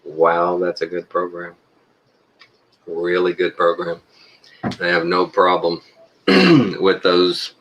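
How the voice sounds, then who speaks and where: Deep-voiced rambling Texan man. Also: fairly bright tone, slight background noise, low-quality recording. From Texas. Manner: rambling, folksy, chuckles often. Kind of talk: casual monologue to viewers.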